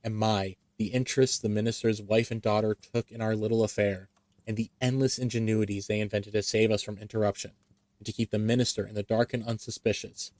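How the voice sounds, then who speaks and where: Guy reading a story out loud, expressive, some slips, dry mic. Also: fairly low pitch, fairly quick, dry recording. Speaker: reader.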